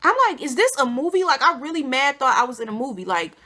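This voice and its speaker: A young woman vlogger telling a casual storytime, animated and slangy, acting out quotes with big jumps in pitch. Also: fast. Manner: informal slangy speech.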